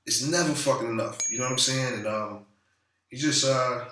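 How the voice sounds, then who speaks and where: A man's voice: medium pitch, normal speed, bright, forceful tone, recorded from a distance, slight background noise. A man vlogging casually about money in a loose, profane, rambling way, full of fillers. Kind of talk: casual talking-head monologue. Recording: roomy echo, a bit off-mic.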